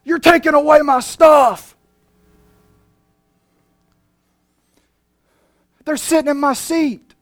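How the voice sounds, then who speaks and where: A pastor putting on the voice of a whiny, self-righteous churchgoing man who shouts his complaints. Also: very high voice, pitched above the performer's own voice.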